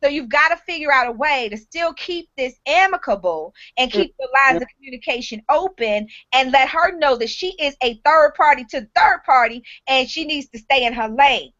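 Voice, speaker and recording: A woman hosts a live online talk show in a high, bright register. She gives blunt, frank advice and swears casually. The stream audio is dull and lo-fi. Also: expressive, moderate pace, hardly any pauses.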